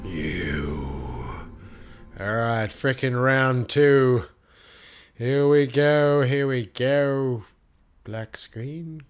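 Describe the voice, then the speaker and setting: A man giving live gameplay commentary as a gaming channel host, excitable and swearing often at the game. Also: medium pitch, extremely slow. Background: game music.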